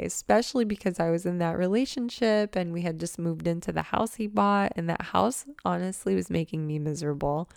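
A young woman chatting excitedly in a casual vlog, gushing and swearing casually as a manifestation coach. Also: on the low side, a little fast, gravelly, few pauses, no echo, clean studio sound. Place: new apartment.

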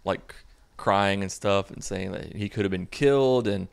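A man's voice: fairly low pitch, unhurried, gravelly, clear, resonant tone. Sarcastic young man recapping a movie. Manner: sarcastic and mocking. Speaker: movie reviewer.

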